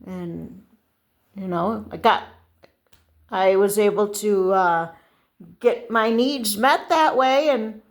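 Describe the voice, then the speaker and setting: An older woman telling a casual rambling story to camera, halting and restarting often. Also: medium pitch. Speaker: vlogger.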